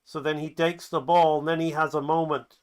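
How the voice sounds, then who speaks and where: Brisk and smooth, with a fairly high pitch, an animation instructor walks through his animatic in play-by-play fashion. The commentary is excited and lively, acting out scenes, and casual, with fillers and restarts.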